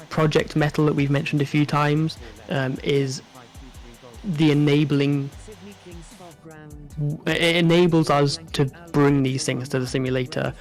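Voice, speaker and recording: A man co-hosting a live stream, chatting casually with a relaxed manner and frequent ums. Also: fairly high pitch. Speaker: stream co-host.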